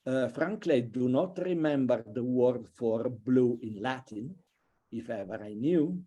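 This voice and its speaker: A man giving an online university lecture, halting and thinking aloud with many fillers and restarts. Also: medium pitch, mellow. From Italy. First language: a regional language between France and Italy.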